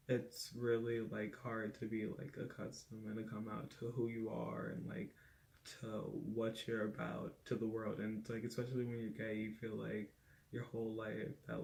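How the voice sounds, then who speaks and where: Brief: young guy, gravelly and flat, candid rambling storytime with faint room noise. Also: mid-range voice. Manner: rambling, heavy on "like" fillers, candid and profane. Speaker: vlogger. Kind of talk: casual storytime.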